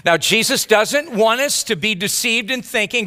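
Male pastor, high lively voice, preaching with anecdotes, reverberant church hall. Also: moderate pace. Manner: animated preaching with storytelling asides. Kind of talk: sermon.

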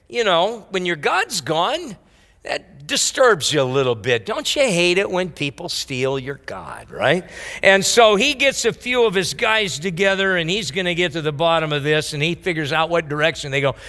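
A man's voice: sits high, pushed and bright. A man preaching a sermon, telling a Bible story in casual, modern speech and acting out the characters' lines. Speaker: pastor. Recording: echoey hall.

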